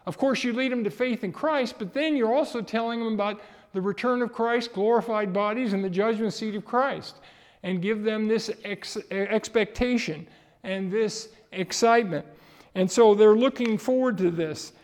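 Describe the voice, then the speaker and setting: A middle-aged male pastor preaching a sermon with a notably high, bright-pitched voice. He is emphatic, pushing up in pitch and volume on key points and chuckling now and then. The sound carries a long hall reverb. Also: moderate pace.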